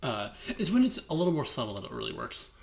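A man's voice: medium pitch, huge pitch swings, fast talker, creaky. A man in his late twenties co-hosting a podcast, talking casually with lots of fillers and hedging. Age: late 20s. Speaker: podcast co-host. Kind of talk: casual chat.

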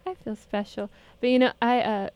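A woman's voice: fairly high pitch, steady tone, moderate pace, smooth, muffled recording. Bubbly young American woman radio host. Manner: bubbly, chatty, says "like" often. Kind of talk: casual radio interview.

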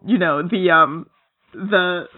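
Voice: medium pitch, takes it slowly. A podcast co-host gushing about a comic in casual chat, rambling with lots of fillers and acting out characters' lines. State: giddy, laughing through words. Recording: tinny phone-like line.

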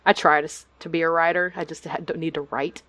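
Low-voiced woman chatting as a podcast guest. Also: steady tone, fairly quick, fairly bright tone, no echo. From Texas. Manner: chatty, lots of fillers and laughs. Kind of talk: casual chat. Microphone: video call.

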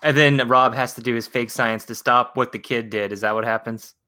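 Brief: male podcast host, bright forceful tone, joking questions to the panel. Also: mid-range voice, steady tone, fairly quick, clear, resonant tone. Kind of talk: casual chat reviewing a cartoon episode.

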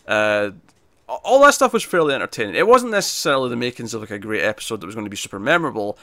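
Bright-voiced, animated man chatting. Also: mid-range voice, no echo. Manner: animated, rambling, drops into quick impressions. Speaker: podcast co-host. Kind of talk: casual chat reviewing a TV episode.

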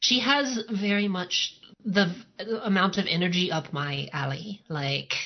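A woman's voice: lowish voice, a little slow. Woman, casual chat, dry humor and frequent swearing, muffled lo-fi sound. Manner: wry, joking, swears casually. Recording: dull lo-fi sound.

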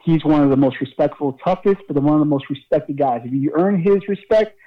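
Excitable wrestler spinning a lively tale. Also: male voice, fairly high pitch, brisk, narrow, tinny audio. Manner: swearing, laughing, lively storyteller. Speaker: pro wrestler guest. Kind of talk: casual storytelling interview.

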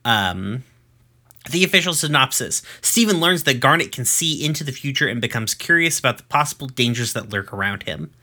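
A man in his thirties talks loosely through an episode recap, and his voice has a bright, forceful edge. He rambles and swears freely, with plenty of fillers and restarts. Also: medium pitch, expressive, fairly quick. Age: 30s. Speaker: podcast host recapping episodes. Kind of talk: casual chat.

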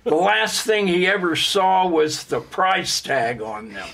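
A man doing a gravelly swaggering vampire rapper. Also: high-pitched, very animated, slow, a bit bright, exaggerated voice. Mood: boastful. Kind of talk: played soundboard clip.

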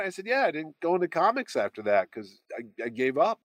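A middle-aged man with a fairly high voice, telling stories in a loose, chatty way and bouncing into other people's voices as he quotes them. The sound is dry and close, with no room to it. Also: fairly quick, hardly any pauses, dry recording. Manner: animated anecdotes, jumps pitch to quote others. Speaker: comic convention organizer and podcast host. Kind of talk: casual storytelling chat.

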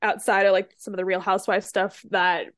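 A woman co-host poses casual questions, hesitant and full of fillers. Her mid-pitched voice sounds dry, with no room echo. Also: little pitch movement, a little fast, a bit bright. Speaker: podcast co-host.

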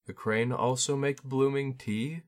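A man voicing a reserved, homesick young noblewoman who speaks flatly and with quiet sarcasm in a storybook reading. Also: mid-range voice, a little slow, voice pushed up, close to an everyday voice. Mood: guarded. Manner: flat, guarded, quietly sarcastic.

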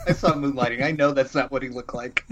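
A man's voice: mid-range voice, steady tone, fairly quick, a loud crowd. A man hosting a podcast, chatting casually and laughing easily as he jokes around. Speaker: podcast host. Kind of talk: casual chat. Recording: slightly dull, lo-fi sound.

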